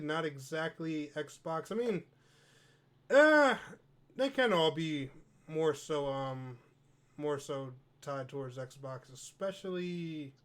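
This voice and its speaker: A man hosting a gaming podcast in casual chat, loose and rambling with many pauses and fillers. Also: a little high, a bit bright. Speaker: podcast host.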